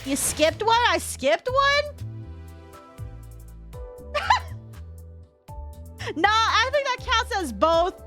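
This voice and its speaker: A woman's voice: very high-pitched, sing-song, drawn-out words, long pauses, bright, forceful tone, soft background music. A woman streamer in a casual game stream, reading the story aloud and bantering playfully with her chat, laughing often.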